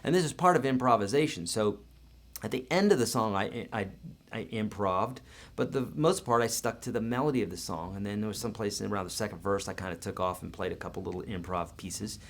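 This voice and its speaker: A man's voice: fairly low pitch, a little fast. A man teaching guitar in a live online lesson, talking casually and encouragingly with everyday comparisons.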